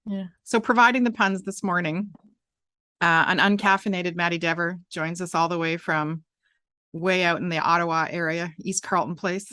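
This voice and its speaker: A woman's voice: lowish voice, fairly even intonation, moderate pace, sharp tone, dry recording. A woman hosting a talk show, chatting casually and rambling with many restarts and fillers. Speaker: podcast host. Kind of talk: casual chat.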